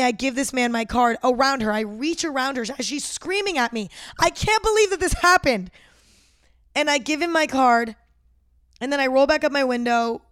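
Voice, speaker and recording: Chatty young woman, bright voice. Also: a little high, clean tone, no room sound, clean studio sound. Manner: chatty, lots of "like", swears freely. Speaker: vlogger. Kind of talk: casual storytelling vlog. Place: Los Angeles.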